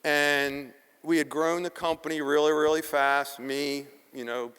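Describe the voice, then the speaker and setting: A middle-aged man from South Philadelphia giving a live keynote talk, animated and profane, acting out the quotes in his stories. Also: a little high, a little slow, clean tone, big-room sound. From South Philadelphia, USA. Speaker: keynote speaker.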